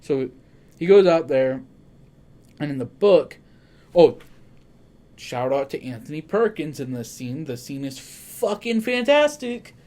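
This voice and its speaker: A man hosting a casual horror podcast. He talks in an excitable way, swears freely and often corrects himself mid-sentence. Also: on the high side, measured pace, long pauses. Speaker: podcast host.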